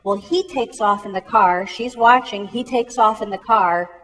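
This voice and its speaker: A woman's voice: mid-range voice, normal speed, a bit bright. A woman speaks from a stage in a large school auditorium, and her voice trails off in a long hall reverb. She tells the story earnestly and slips into the voices of its people. She sounds like an emergency room worker warning students. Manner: earnest storytelling with acted-out dialogue. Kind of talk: cautionary talk to students.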